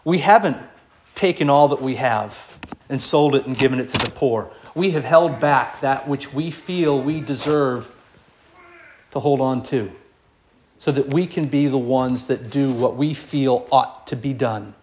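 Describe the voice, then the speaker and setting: A man's voice: mid-range voice, a little slow, darkish tone, slight background noise. A man preaching a sermon to his congregation, earnest, asking rhetorical questions and acting out quoted voices. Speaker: pastor.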